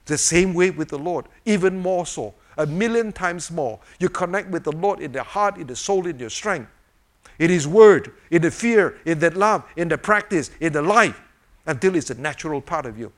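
An older man preaches in a relaxed, conversational way, with a fairly high voice for a man. He keeps asking his listeners rhetorical questions and chuckles now and then. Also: normal speed. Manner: animated, repetitive rhetorical questions, chuckles often. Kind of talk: informal sermon with a fidget toy demonstration.

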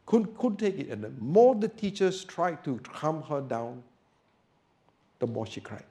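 Preacher man, soft then rising loud. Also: on the high side, sing-song, a little slow. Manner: builds from soft storytelling to loud emphatic preaching. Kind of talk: sermon with storytelling.

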